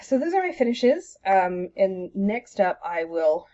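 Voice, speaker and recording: A woman's voice: mid-range voice, very animated, unhurried, noisy background. Rambling young woman, muffled lo-fi. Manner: rambling, many ums, self-deprecating. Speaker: cross-stitch vlogger. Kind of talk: casual show-and-tell chat. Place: home.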